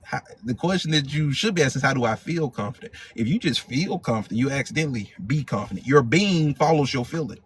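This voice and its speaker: A man's voice: medium pitch, expressive, fast, hardly any pauses, a little hiss or hum. A male hypnotherapy coach leading a live motivational training, emphatic and repetitive, in casual slang.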